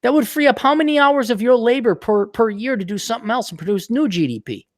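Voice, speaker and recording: A man hosting a casual podcast chat, ranting with lots of swearing and animated storytelling. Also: very high-pitched, fast, no room sound, studio quality. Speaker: podcast host.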